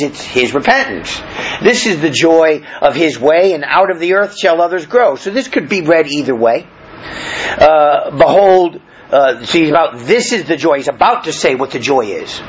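Animated preacher with a lively, high voice. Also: male voice, muffled recording, a little hiss or hum. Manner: animated, calls for amens, many fillers and restarts. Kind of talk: sermon, verse-by-verse Bible teaching.

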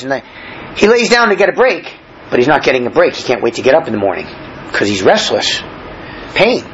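A man preaching a sermon with a lively, swooping delivery, reading verses and then unpacking them in everyday talk. He restarts his phrases often as he explains. The recording is a little dull, with faint noise behind him. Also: medium pitch, a little fast. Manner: reads scripture aloud then explains it in plain talk; frequent fillers and restarts, conversational preaching. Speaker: pastor.

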